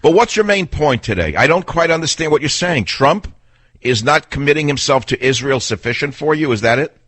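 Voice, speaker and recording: A man's voice: a little high, lively intonation, brisk, a bit bright, no echo. Blunt, combative older male radio host. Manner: blunt, sarcastic, argumentative, mimics people in voices. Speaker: radio talk show host. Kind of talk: combative call-in radio talk.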